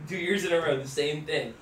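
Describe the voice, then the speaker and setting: A man's voice: fairly high pitch, moderate pace, recorded from a distance, heavy background noise. Joking man chiming in, echoey room. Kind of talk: casual podcast chat. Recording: echoey room, crowd chatter.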